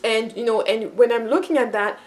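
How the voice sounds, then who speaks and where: A woman giving a casual explanatory talk as a cultural teacher. She thinks aloud, often repeats and restarts her phrases, and acts out quoted voices with lively shifts. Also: fairly high pitch, brisk.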